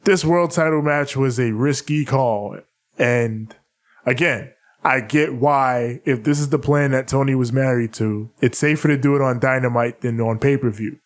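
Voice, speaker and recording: A man co-hosting a casual chat podcast in an ordinary mid-range voice. He talks in measured, articulate stretches and laughs easily with his co-host. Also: medium pitch. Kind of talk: casual chat, analytical recap.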